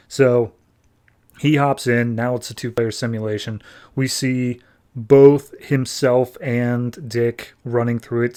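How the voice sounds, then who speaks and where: Warm and mid-range, this man's voice carries a podcast where he casually recaps a comic book. He's chatty and leans heavily on filler words, retelling scenes through quoted paraphrase.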